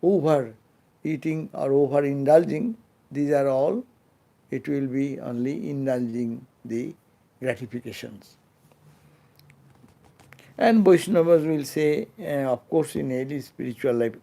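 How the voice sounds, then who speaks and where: A swami's gravelly, mellow male voice, pitched mid-range, carries through a temple lecture hall during an unscripted scripture class. He talks slowly and falteringly, often starting over, using fillers, and trailing off softly.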